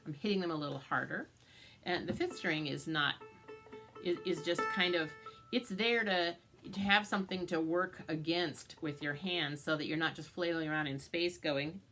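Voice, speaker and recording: Teaching a banjo tune at a moderate pace, a woman speaks in a low voice over soft background music and loud banjo playing. She patiently explains the strings and frets in steps and chants the picking rhythms.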